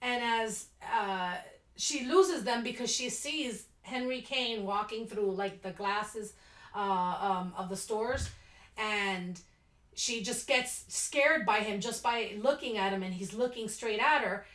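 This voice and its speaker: A woman's voice: mid-range voice, slow pace, fairly bright tone. Podcast co-host, woman, laughing storyteller, recorded in a roomy space. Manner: rambling storyteller, laughs often. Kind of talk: casual chat.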